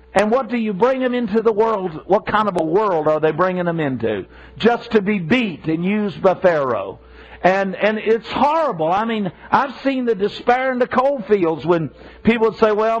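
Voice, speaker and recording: A man's voice: high voice, lo-fi sound. A man preaching a sermon, emphatic and repetitive, asking rhetorical questions and stumbling into restarts.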